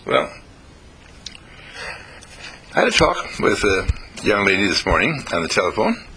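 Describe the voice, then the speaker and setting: A man's voice: on the low side, big pitch swings, unhurried, creaky, bright, forceful tone, slight background noise, rough recording. A man giving a self-help talk, telling stories animatedly and acting out the voices in them. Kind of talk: storytelling talk.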